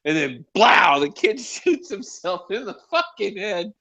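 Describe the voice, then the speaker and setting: A man's voice: high voice, sing-song, measured pace, creaky, pushed and bright. A man co-hosting a casual movie review show, laughing often and swearing freely as he recounts scenes. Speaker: podcast co-host. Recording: dull lo-fi sound.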